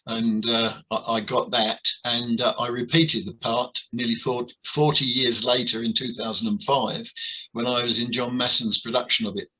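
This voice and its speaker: An older man being interviewed about his years in amateur theatre, talking with many pauses, fillers and restarts. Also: medium pitch, level tone, pushed and bright, slight background noise, poor audio. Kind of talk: reminiscing interview.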